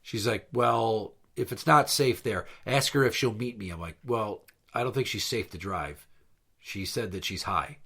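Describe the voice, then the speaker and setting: A man's voice: on the low side, unhurried, vocal fry, fairly bright tone, slightly rough. A man hosting a podcast, telling a long story in a blunt, profane, exasperated way. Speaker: podcast host. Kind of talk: casual storytelling chat.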